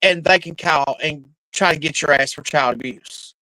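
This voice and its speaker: A middle-aged woman telling stories in casual chat, animated and laughing, with plenty of cursing. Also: low-pitched, normal speed, dry recording, poor audio. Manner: animated, laughing, profane storyteller.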